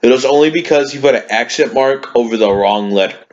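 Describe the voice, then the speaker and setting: A man's voice: mid-range voice, fairly quick. A man co-hosting a podcast in casual chat, rambling through stories and giggling often. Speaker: podcast co-host. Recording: dull lo-fi with faint hiss.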